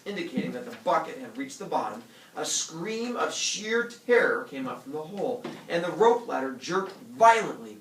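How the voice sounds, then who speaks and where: Animated man reading a story to a class. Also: on the high side, gravelly, slight background noise. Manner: animated, stops to explain words and quiz students. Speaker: teacher. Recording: echoey classroom from far off.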